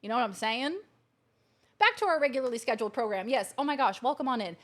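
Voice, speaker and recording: Bubbly streamer lady on her couch, voice a bit on the high side, thanking chat nonstop. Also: animated, quick pace, a bit bright. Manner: bubbly, gushing thanks to viewers. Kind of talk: casual live-stream chat. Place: living room couch at home.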